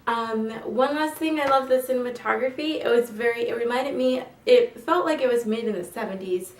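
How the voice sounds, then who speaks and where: A woman's voice: fairly high pitch, fairly quick. A young woman talks through a film review, gushing and full of fillers. Her voice sits a little away from the mic, and the room around her rings with echo. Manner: gushing, chatty, many fillers. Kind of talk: casual film review vlog. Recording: roomy, mic at a distance.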